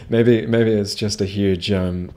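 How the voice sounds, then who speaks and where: A man's voice: lowish voice, darkish tone, slight background noise. A man casually commenting while streaming a video game, rambling with self-mocking jokes and asides to chat. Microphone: desk microphone.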